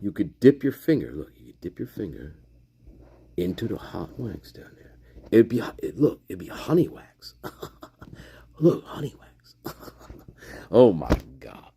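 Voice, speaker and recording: A man's voice: fairly low pitch, big pitch swings, measured pace, long pauses, mellow, slight background noise. A man hosting a casual livestream, talking in a rambling, profane, repetitive way and laughing often. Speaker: livestream host.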